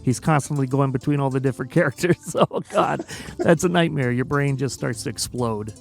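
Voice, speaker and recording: A man hosting a casual livestream interview, telling stories in an animated way and laughing often. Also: mid-range voice, brisk, gravelly, soft background music. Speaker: interview host.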